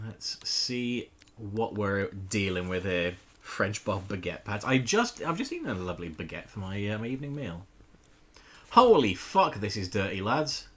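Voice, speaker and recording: A playful man streaming a game live, his voice bouncing all over with lively pitch. The tone is bright and forward. He jokes, greets his chat and swears casually as he plays. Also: moderate pace.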